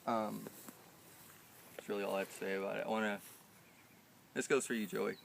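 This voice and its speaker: A man's voice: on the low side, steady tone, brisk, vocal fry, slight background noise. A young man performing a live show, telling a profane personal story with intensity that builds into heated outbursts, then moving into spoken word poetry.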